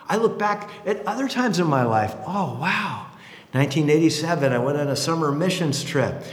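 A man's voice: fairly high pitch, brisk. A man in his fifties preaching a sermon, telling stories and acting out the voices of the people in them. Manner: animated storytelling, acting out voices. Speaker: pastor. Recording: echoey hall.

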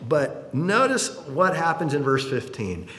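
A man preaching a sermon in an animated way, acting out the people in his stories. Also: on the high side, unhurried. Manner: animated, acts out quotes. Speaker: pastor. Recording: roomy hall reverb.

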